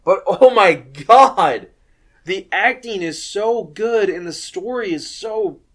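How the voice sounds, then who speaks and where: A young man with a slightly high voice talks through film recommendations in a loose, rambling way. He leans on fillers and restarts, and swears freely as he goes. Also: lively intonation, slow pace, fairly bright tone. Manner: rambling and profane, many fillers. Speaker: film reviewer.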